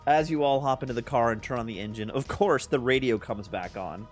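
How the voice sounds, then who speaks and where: A man running a tabletop game as game master, narrating in a relaxed, loose way with fillers. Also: medium pitch, fairly quick, faint music behind.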